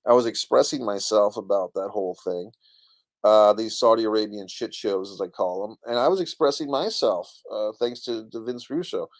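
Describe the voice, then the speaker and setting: A man's voice: on the low side, moderate pace. A middle-aged man hosting a casual live stream, rambling about a comedy special and reading viewers' comments aloud. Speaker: online show host reading chat comments.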